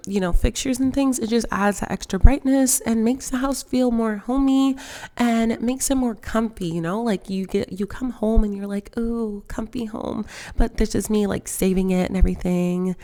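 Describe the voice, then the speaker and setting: Chatty young woman with a gravelly voice. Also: mid-range voice, normal speed, a little mellow. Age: 20s. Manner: chatty, self-conscious, filler-heavy with lots of "like". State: emotional, near tears. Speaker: Sims gaming vlogger. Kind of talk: casual voice-over commentary on a game build.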